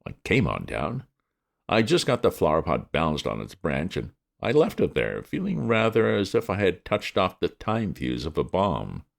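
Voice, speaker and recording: A man reading a comic novel aloud with lively, wry narration. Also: deep voice, normal speed, vocal fry. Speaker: reader of classic fiction. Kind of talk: audiobook narration.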